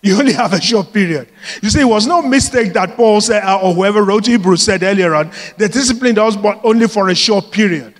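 A male pastor preaches with a notably high voice, mixing scripture with lively personal stories and frequent laughter. His words ring out with the long reverb of a large church hall. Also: a little fast. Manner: lively, laughs often while telling stories. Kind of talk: sermon with personal storytelling.

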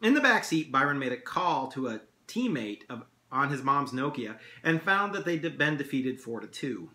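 A male English teacher reads his own novel aloud in a steady storytelling voice. His tone is bright and forward. The recording sounds echoey, as in a hard room. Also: mid-range voice, moderate pace.

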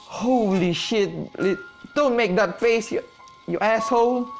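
A gaming video creator giving playthrough commentary, excitable and goofy, breaking into shrieking exclamations and playful teasing. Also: medium pitch, takes it slowly, over music.

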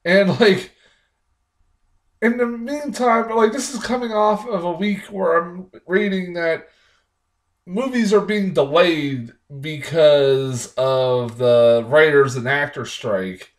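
A man's voice: high voice, takes it slowly. A young man giving a casual, rambling movie review, profane and irritated, with lots of fillers and restarts.

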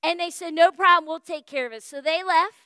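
High-pitched animated woman pastor. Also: brisk, no echo. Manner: animated, folksy storytelling with acted-out dialogue. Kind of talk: storytelling sermon. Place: church.

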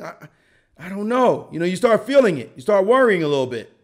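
A man's voice: high-pitched, sing-song, fast. A middle-aged man giving a playful, joking chess lesson, acting out the players' reactions as he goes. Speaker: chess commentator.

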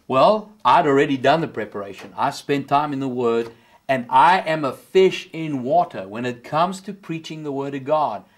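A middle-aged South African pastor preaches with fervour, his voice sitting in an ordinary middle range but leaping high whenever he drives a point home. He keeps up a sermon's steady, urgent push. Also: normal speed. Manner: impassioned preaching, rising high on key words.

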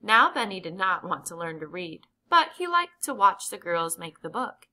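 A woman reading a children's chapter book aloud with clear, gentle emphasis. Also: fairly low pitch, very animated, normal speed. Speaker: audiobook reader. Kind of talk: children's storybook narration.

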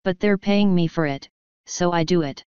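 A woman's voice: fairly low pitch, moderate pace, clear, resonant tone, no echo, lo-fi sound, close to an everyday voice. A woman reading as a blunt griffon mercenary. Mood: defensive. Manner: blunt, offhand. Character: female griffon mercenary, tough, blunt and casual.

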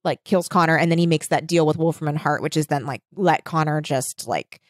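A woman chats loosely about books and TV, peppering her talk with "like" and playing out little quotes. Her voice is on the low side, and it is recorded close and dry. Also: fairly even intonation, fairly quick, no echo. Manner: chatty, uses many "like" fillers, acts out quotes. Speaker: podcast co-host. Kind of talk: casual book chat.

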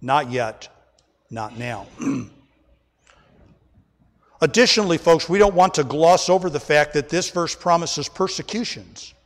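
A man's voice: on the high side, measured pace, long pauses, big-room sound. A man preaching an emphatic sermon as pastor, often calling the congregation folks, recorded during a church service. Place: church sanctuary.

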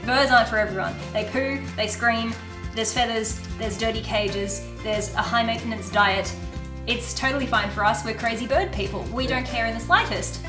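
A woman's voice: on the high side, normal speed. A woman host chatting earnestly and emphatically in a casual Q&A at home. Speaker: YouTuber, parrot owner. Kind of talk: casual Q&A chat. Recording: roomy echo with background music.

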